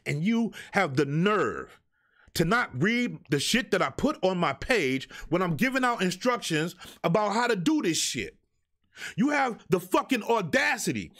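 Hosting a live show of his own, a man with a high-sitting, slightly bright voice launches into a rant. He sounds exasperated and swears as he addresses the people sending him music, in ranting live stream talk.

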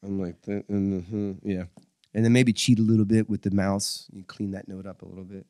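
A man talking as a musician guest in a casual podcast interview, animated, acting out what people said. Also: on the low side, quick pace, dry recording, clean studio sound. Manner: animated storyteller, acts out quotes.

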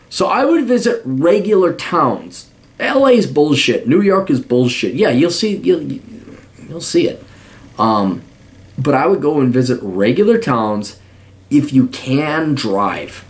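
A man's voice: a little high, big pitch swings, slow pace. A man hosting a podcast, giving blunt, profanity-laced advice in a rambling monologue full of restarts.

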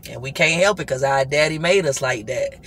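A man hosting a casual devotional vlog, talking to viewers in an animated, repetitive way and now and then breaking into song. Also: medium pitch, a little fast, a little hiss or hum. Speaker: vlog host.

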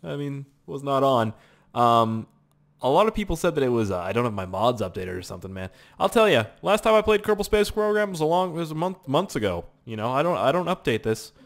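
A man's voice: mid-range voice, a little fast. Rambling, self-mocking gamer guy. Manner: rambling and self-mocking, swears, sudden excited outbursts. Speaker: gaming YouTuber. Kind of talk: casual gameplay commentary.

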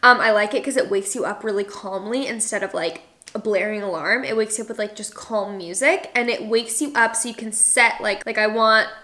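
A woman's voice: medium pitch, a little fast, sharp tone. A young adult woman talking casually to camera in a chatty vlog, full of "like" fillers. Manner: chatty, filler-heavy with lots of "like". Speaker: lifestyle vlogger and podcast host.

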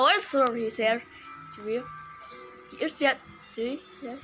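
A woman giving excitable, casual gameplay commentary, exclaiming and repeating her words. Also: a little high, measured pace, long pauses, poor audio. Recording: game music playing behind.

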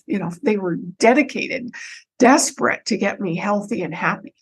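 A woman guest on a podcast, telling a personal story in an animated way, with frequent restarts and repeated words. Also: medium pitch, normal speed, husky, rough recording. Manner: animated, breaks into her own quoted speech.

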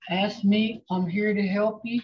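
A woman teaching a language class online, speaking slowly and patiently and repeating phrases for her students. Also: medium pitch, steady tone. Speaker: language instructor. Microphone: video call. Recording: dull lo-fi video call audio.

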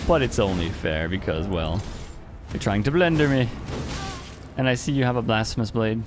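A man's voice: lowish voice, lively intonation, moderate pace, over music. A man streaming an online game, giving casual commentary in a playful, teasing way with frequent chuckles.

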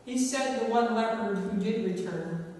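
A woman preaching a sermon in a church, measured and dramatic, with slow emphatic pauses. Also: a little high, darkish tone, slight background noise. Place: large church sanctuary. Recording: echoey church hall, recorded from far off.

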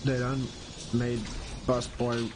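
A man talking through a video game stream in a loose, excitable way. He swears constantly and his voice jumps up into frustrated yelling. There is a clear layer of noise under his voice. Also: medium pitch, takes it slowly. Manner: excitable, swears a lot, yells when frustrated. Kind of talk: casual gameplay commentary.

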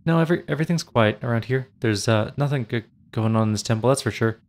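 A man's voice: mid-range voice, fast, lightly acted. A man voicing a nervous young male cleric who stutters and pleads. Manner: stammering, pleading.

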